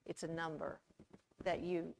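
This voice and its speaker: A woman's voice: deep voice, flat delivery, a little slow, creaky, darkish tone, slight background noise. An older woman interviewing a guest in a public conversation, prompting with questions. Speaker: interviewer, professor.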